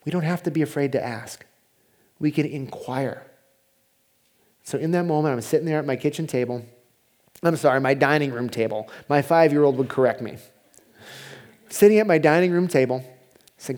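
A man preaching a sermon as pastor, in a conversational way, dropping to a hushed voice when he voices prayers. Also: fairly high pitch, expressive, normal speed, long pauses.

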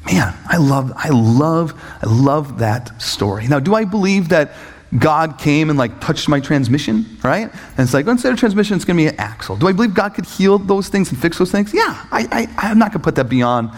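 A man preaching a sermon as he tells a personal story, acting out voices and leaping up in pitch when excited, laughing at times. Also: a little fast. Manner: animated storytelling, acts out voices, jumps high when excited. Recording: echoey hall reverb.

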